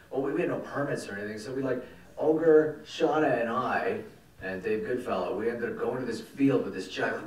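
A man, a film director telling stories at a festival Q&A, animated and rambling and swearing casually. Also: mid-range voice. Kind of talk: festival Q&A storytelling. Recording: echoey hall, mic from far off.

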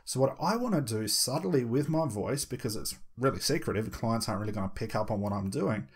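A man teaching voice techniques for hypnosis, moving between his normal talking voice and a slow, measured delivery with deliberate pauses. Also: medium pitch, animated, slightly rough. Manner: shifts into slow, measured pauses when demonstrating. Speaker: hypnosis instructor. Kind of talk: instructional talk.

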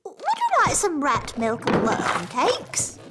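A woman voicing a touchy, proud old retired witch in a cartoon, polite but quick to take offence. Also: high-pitched, wildly swooping pitch, very noisy, exaggerated voice. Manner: polite then indignant, warning tone. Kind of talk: cartoon voice acting.

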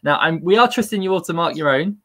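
A man's voice: a little high, lively intonation, fast, sharp tone. A man hosting a live-streamed quiz, upbeat and chatty and laughing at himself. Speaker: quiz host.

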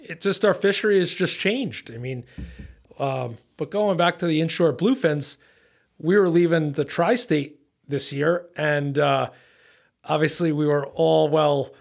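A man with a slightly high voice tells a fishing story in a casual podcast chat. He is animated and swears freely. He acts out what he and the others said. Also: a little slow, vocal fry. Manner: animated, profane storyteller who acts out his own lines. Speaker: charter boat captain.

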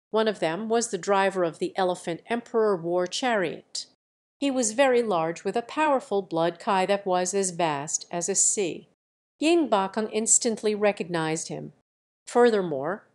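A woman in steady scripted narration of a translated web novel, reading even the dialogue in her own voice. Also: mid-range voice. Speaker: audiobook narrator.

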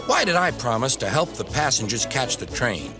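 A man voicing a dashing, eager male bus in a children's storybook, sounding excitable. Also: mid-range voice, normal speed, music in the background. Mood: determined.

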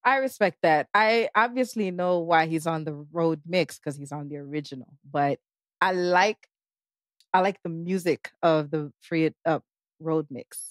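A woman co-hosting a music podcast, giving frank, measured opinions in casual discussion. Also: low-pitched, dry recording, clean studio sound. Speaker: podcast co-host.

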